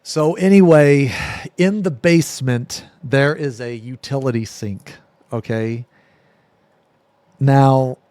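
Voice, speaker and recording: A man's voice: mid-range voice, a little mellow, no room sound. A man telling a spooky personal story on a live stream, casual and rambling, full of fillers and swearing. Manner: rambling, profane, filler-heavy.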